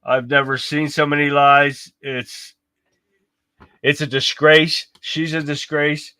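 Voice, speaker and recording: Bright-voiced angry man ranting live. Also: on the high side, little pitch movement, takes it slowly, clean tone, no room sound. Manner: heated, profane ranting; talks to chat viewers. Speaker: livestream host. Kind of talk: live reaction commentary.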